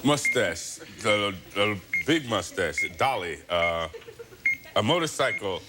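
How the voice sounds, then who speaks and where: A man's voice: lowish voice, expressive, takes it slowly. A man giving clues on a TV game show, urgently trying word after word. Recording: old TV broadcast, noisy.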